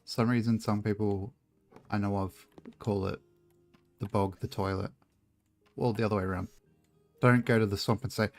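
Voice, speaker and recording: A man's voice: on the low side, fairly even intonation, moderate pace, long pauses, faint music behind. A man chatting casually and joking as he streams a video game, swearing freely. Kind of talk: casual chat while gaming.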